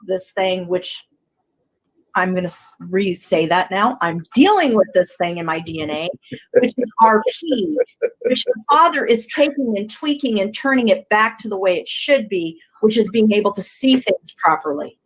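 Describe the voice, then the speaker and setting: A woman's voice: mid-range voice, normal speed, low-quality recording. A woman co-hosting a Christian talk show, chatting animatedly and acting out voices in her stories. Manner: animated, acts out quoted voices. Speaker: co-host. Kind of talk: faith talk show chat.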